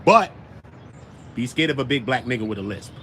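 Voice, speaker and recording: A young man from Brooklyn with a New York accent, hosting a casual commentary show in an animated, slangy, riffing way. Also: medium pitch, moderate pace, slight background noise. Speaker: show host.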